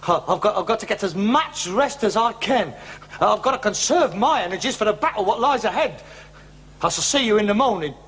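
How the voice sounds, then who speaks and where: An actor playing a middle-aged, melodramatic hypochondriac son, theatrical and self-pitying in a sitcom. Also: male voice, high voice, lively intonation, brisk, fairly bright tone, slightly rough, full character voice. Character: melodramatic hypochondriac grown son, put-upon.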